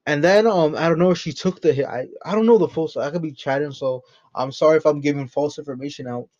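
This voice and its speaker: Brief: higher-voiced guy, rambling profane podcast host, joking, dull low-fi sound. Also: fast, darkish tone. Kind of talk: unscripted solo podcast chat. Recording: dull lo-fi recording.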